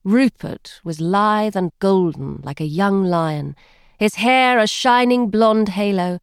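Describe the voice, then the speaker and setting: A woman narrating an audiobook with expressive storytelling. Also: mid-range voice, slow pace, clear, resonant tone, no room sound, clean studio sound.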